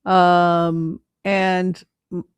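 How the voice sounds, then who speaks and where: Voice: mid-range voice, little pitch movement, drawn-out words, clean tone, no room sound. A tarot reader hosting a casual livestream, chatting in a rambling, hesitant way with lots of fillers and restarts, adding incredulous asides.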